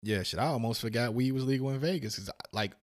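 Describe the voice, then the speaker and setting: A man's voice: medium pitch, fast. A man co-hosting a podcast, chatting casually with profanity and tossing in joking comebacks. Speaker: podcast co-host.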